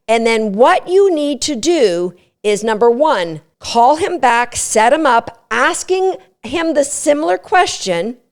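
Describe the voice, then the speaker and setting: A middle-aged woman hosting a dog training podcast, explaining methods in an emphatic, coaching tone with quick asides. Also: on the high side. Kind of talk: instructional podcast talk.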